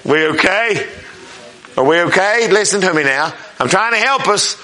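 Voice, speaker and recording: Animated and forceful, a male preacher's high, bright voice carries a sermon told in a folksy, down-home style. He often turns to the congregation with questions. He reads scripture at a slow, weighty, emphatic pace.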